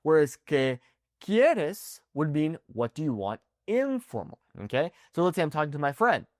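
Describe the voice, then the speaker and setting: A man teaching an online language lesson, animated and often checking in with "okay?". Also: on the high side, brisk, no echo, studio quality. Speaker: Spanish teacher.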